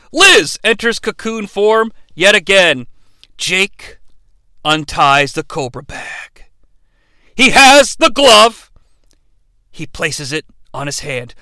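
A man hosting a comedic podcast recap, excitable and swearing freely, with loud outbursts and fast asides. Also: high-pitched, smooth, no echo. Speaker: podcast host reviewing wrestling.

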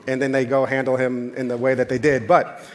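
A man's voice: medium pitch, little pitch movement, brisk. An American man, a pastor, preaching a sermon in a conversational but impassioned way, repeating phrases for emphasis.

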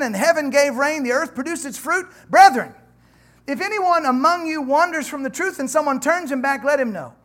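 Pastor mid-sermon: conversational, joking, reads scripture with building emphasis. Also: mid-range voice. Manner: animated, conversational preaching with humor and asides to the congregation. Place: church.

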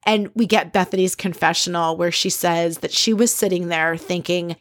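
A podcast host recaps a reality TV episode in a chatty, gossipy way, quoting the people she discusses in animated asides. Her voice is fairly low, at a moderate pace with few pauses, on clean studio sound with no echo.

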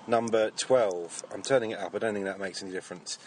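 An English man with a fairly low voice co-hosts a podcast from a car, chatting in a dry, deadpan way. He sits a little back from the mic, with faint background hum around him. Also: brisk, hardly any pauses, recorded from a distance. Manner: dry, joking, deadpan asides. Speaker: podcast co-host. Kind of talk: casual chat. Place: inside a car.

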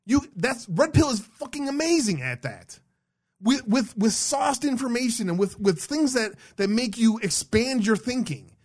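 A man hosts an online show in a heated, profanity-laden rant. His high voice swoops up and down as he talks, and he rambles bluntly, often tripping over restarts. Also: very animated, normal speed. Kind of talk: heated ranting commentary.

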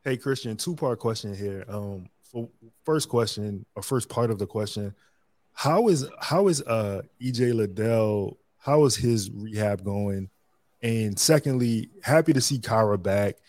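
A man co-hosting a podcast asks his questions in a relaxed, slightly halting way. His voice is on the low side. The sound is dry. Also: no echo. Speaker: podcast co-host. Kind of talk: casual podcast interview.

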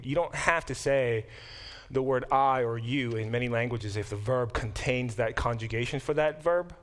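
A man teaching a Bible class as a professor, talking in an animated, self-deprecating way in a classroom, often restarting and adding asides. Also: medium pitch, moderate pace. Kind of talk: classroom lecture.

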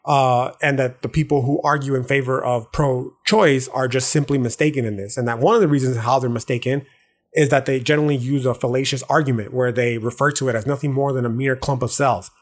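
A man's voice: medium pitch, steady tone, fairly quick. A man hosting a podcast, talking through philosophy in a loose, profane, slangy monologue that keeps checking in with the listener. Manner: profane, slangy, loose street-talk delivery; frequent restarts and check-ins like "okay" and "right". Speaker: podcast host.

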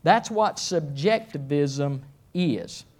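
Slow-talking preacher man. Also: fairly high pitch, lively intonation, darkish tone. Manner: slow, deliberate delivery. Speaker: pastor. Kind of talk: sermon.

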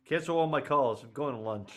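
A man's voice: medium pitch, a bit bright. A man joking and riffing in casual commentary while watching a movie with a friend, laughing often.

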